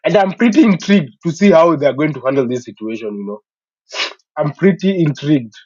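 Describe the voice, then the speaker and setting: A man with a fairly high voice talks football in a casual, emphatic way, sure of his opinions and leaning on "you know" as he goes. The sound is muffled and lo-fi. It is very dry, with no room around it. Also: expressive, a little fast, a little mellow, dry recording. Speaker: sports talk stream host.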